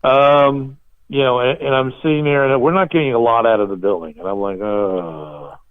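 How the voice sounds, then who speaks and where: A man hosting a podcast, telling animated stories and laughing at himself in casual chat. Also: mid-range voice, a little fast, smooth. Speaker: podcast host. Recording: tinny phone-like line.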